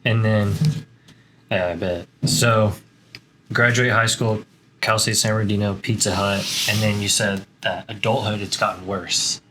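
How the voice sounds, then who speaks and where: A woman's voice: extremely low pitch, steady tone, measured pace, background noise. A woman hosting an interview, prompting her guest with short affirmations and questions. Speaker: host. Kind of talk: conversational interview.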